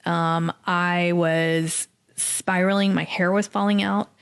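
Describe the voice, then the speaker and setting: A middle-aged woman from Dallas, Texas, telling her story as a podcast guest, animated and acting out the people she quotes. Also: lowish voice, slow pace, smooth. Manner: animated, acts out quoted voices. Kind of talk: casual storytelling interview.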